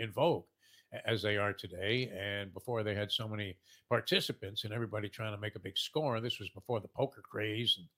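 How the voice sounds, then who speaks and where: A man's voice: on the low side, bright, forceful tone. A man hosting a sports betting talk show, rambling with many fillers and emphatic lifts.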